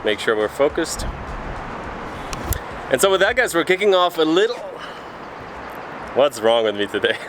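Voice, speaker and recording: A man's voice: medium pitch, fairly bright tone, slight background noise. Chatty upbeat travel vlogger man. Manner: chatty, upbeat, loose self-corrections. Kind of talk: casual travel vlog.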